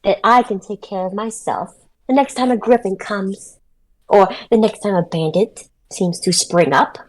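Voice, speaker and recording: A woman's voice: medium pitch, normal speed, close to an everyday voice, poor audio. A stubborn young elf noblewoman with a formal, stately way of speaking, played by a woman. Her voice sits in a middle range. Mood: defiant.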